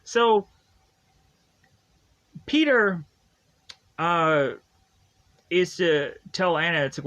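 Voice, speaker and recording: Rambling man recapping a film, slightly high. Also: lively intonation, very slow, long pauses, bright, forceful tone. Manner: rambling, heavy use of "like" and "is to"; laughs at the plot. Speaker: movie reviewer. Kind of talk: casual spoken film recap.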